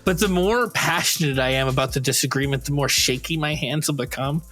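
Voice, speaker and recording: A man's voice: on the high side, fairly quick, fairly bright tone, soft background music. Rambling man telling a story with laughs. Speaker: podcast co-host. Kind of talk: casual storytelling.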